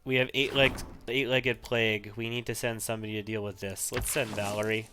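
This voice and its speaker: A man's voice: fairly low pitch, flat delivery, brisk, sharp tone, a little hiss or hum. A man giving casual commentary while he plays a role-playing video game, chatty and thinking aloud. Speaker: let's-play host.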